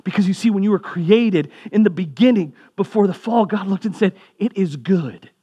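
Young man, pastor, sermon, fairly high voice, chatty asides. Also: fairly quick, warm tone, slightly rough. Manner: conversational preaching, casual asides.

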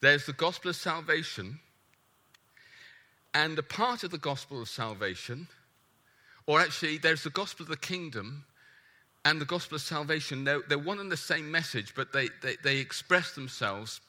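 Bright, forceful male preacher. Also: fairly high pitch, moderate pace. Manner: animated, emphatic, asks the congregation questions. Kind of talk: sermon.

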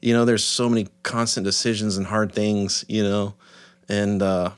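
A man's voice: on the low side, level tone, moderate pace, clear, resonant tone. A man, a business owner and father chatting casually in a podcast and rambling through stories full of "man" and "dude". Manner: rambling storyteller, acts out quotes with frequent "man" and "dude".

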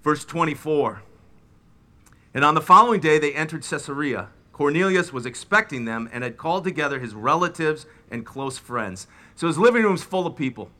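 A middle-aged man preaching a sermon, retelling biblical scenes with lively, dramatic delivery. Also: a little high, normal speed. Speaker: pastor.

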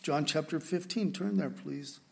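Preaching a sermon, this pastor speaks with earnest, impassioned emotion, often halting to restart his sentences. His voice is a little high and creaky, with a darkish tone.

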